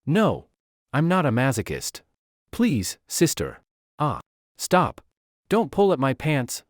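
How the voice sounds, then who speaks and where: A man's voice: mid-range voice, huge pitch swings, slow, dry recording, studio quality, voice pushed up. A panicky young guy, a man doing it. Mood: pleading. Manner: panicky, pleading.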